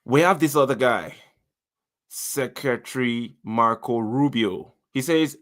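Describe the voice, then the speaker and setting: A man's voice: mid-range voice, normal speed. A man with a Nigerian accent hosting a political commentary channel, speaking in an emphatic, direct way and addressing his listeners.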